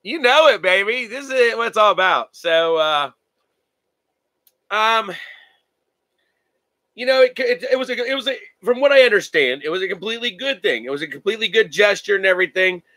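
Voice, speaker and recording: Man, livestream host, rambling casual chat, bright tone, dry sound. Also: high-pitched, animated, moderate pace, long pauses, no echo, poor audio. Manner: rambling, with many fillers and restarts. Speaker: card-breaking livestream host. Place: home.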